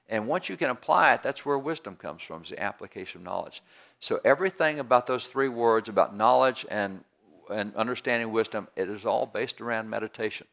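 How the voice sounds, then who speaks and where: A man's voice: fairly low pitch, vocal fry, a bit bright. A man preaching a sermon in a folksy, down-home way, repeating phrases for emphasis. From rural area.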